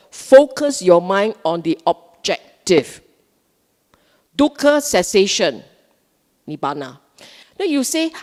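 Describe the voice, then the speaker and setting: Woman, Buddhist talk, slow deliberate delivery, reverberant hall. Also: medium pitch, darkish tone. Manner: emphatic, questioning, repeats words for stress. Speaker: Buddhist dharma speaker. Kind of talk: live Dhamma talk.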